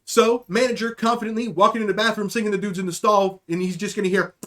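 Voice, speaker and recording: A man's voice: high-pitched, steady tone, fast, fairly bright tone. A man hosting a podcast, telling a rambling, profane, jokey story in a casual monologue. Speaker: podcast host.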